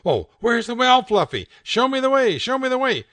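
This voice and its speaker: A man voicing a frantic, high-pitched pet owner from a TV show, urgently pleading with the pet. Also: sing-song, normal speed, a bit bright, no room sound, full character voice.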